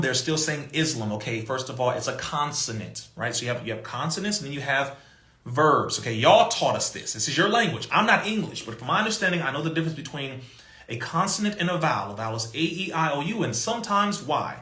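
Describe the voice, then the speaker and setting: A man telling a story in an emphatic, animated way, mimicking other people's voices and laughing between points. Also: a little high, moderate pace, roomy sound. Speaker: podcast guest.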